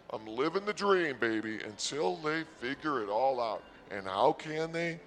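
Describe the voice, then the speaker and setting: A man hosting a comedy podcast, rambling sarcastically and mock-boastfully about his day at a casino. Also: mid-range voice.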